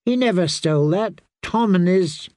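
A man's voice: high-pitched, animated, normal speed, darkish tone, dry recording, studio quality, voice pushed up. A man reading an audiobook, voicing a confused young girl princess with a plaintive, questioning voice.

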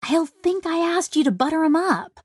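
A woman's voice: extremely high pitch, lively intonation, normal speed, dry recording, clean studio sound, voice pushed up. Bubbly young female mechanic, gushing and squealing, read by a woman. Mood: embarrassed.

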